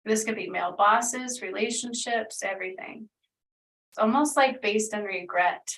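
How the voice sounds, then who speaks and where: Gravelly-voiced woman giving an energy reading. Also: medium pitch, moderate pace, a bit bright, far from the mic, low-quality recording. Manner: meandering, filler-heavy, earnest. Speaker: spiritual healer channeling energy. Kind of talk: casual spoken energy reading.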